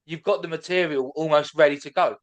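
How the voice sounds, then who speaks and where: A man's voice: fairly high pitch, steady tone, fairly quick. A man from Britain hosting a comedy podcast, who questions and playfully challenges his guest in casual chat. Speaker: podcast host.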